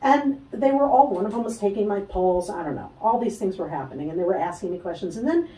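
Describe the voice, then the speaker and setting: A woman telling a personal story as a guest in an interview, animated, acting out the voices of other people and laughing often. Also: mid-range voice, quick pace, echoey room, far from the mic, rough recording. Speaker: guest, spiritual healer.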